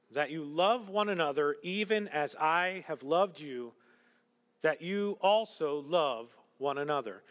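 A man preaching a sermon as pastor, animated, acting out quotes and dropping to hushed whispers. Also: on the high side, long reverb tail.

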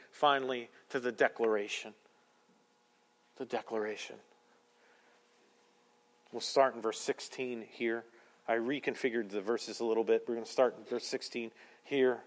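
A man preaching a sermon, moving between loud proclamation and hushed, intense passages. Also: mid-range voice. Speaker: pastor. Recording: long hall reverb.

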